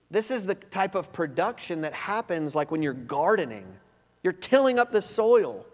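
Preaching at a moderate pace, the pastor has a high, sing-song voice. He speaks emphatically and conversationally, returning to his points again and again. Long reverb from a large hall surrounds the recording.

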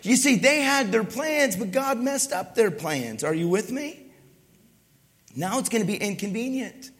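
A man preaching a sermon as pastor, animated and conversational, acting out voices and asking the crowd for agreement. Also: sits high, measured pace. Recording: long reverb in a large hall.

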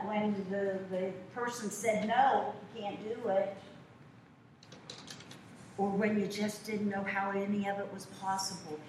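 Older woman preacher, conversational sermon style; distant mic with audible room noise. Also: mid-range voice. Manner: conversational storytelling, folksy asides. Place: church sanctuary. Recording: echoey church from far off.

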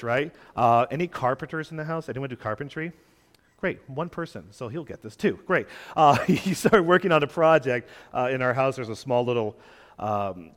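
A man's voice: mid-range voice, fairly bright tone, big-room sound. A young adult man preaching a sermon as a guest preacher in a church, talking in a conversational way, acting out quoted voices and joking with the congregation. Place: church sanctuary.

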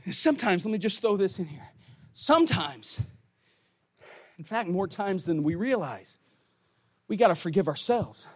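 A man with a high-pitched voice delivers a sermon, swinging from shouted emphasis down to hushed, near-whispered lines. He talks in a loose, conversational way, throwing in asides and repeating words as he goes. The sound is dry and close, with no room echo. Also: sing-song, normal speed, long pauses. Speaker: preacher.

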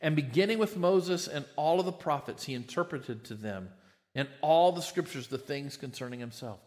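Male pastor, slightly higher voice, emphatic sermon delivery with stumbling restarts. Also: expressive, normal speed, a little mellow. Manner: emphatic, repeats words when starting phrases.

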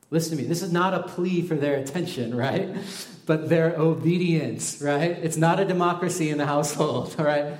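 Conversational preacher man, roomy hall. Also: fairly high pitch. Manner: conversational, animated storytelling with quoted voices. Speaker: pastor. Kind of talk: sermon.

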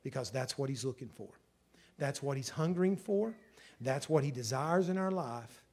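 A middle-aged man, preaching a sermon in an emotional storytelling way that swells loud at the peaks. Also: mid-range voice, lively intonation, normal speed. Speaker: pastor.

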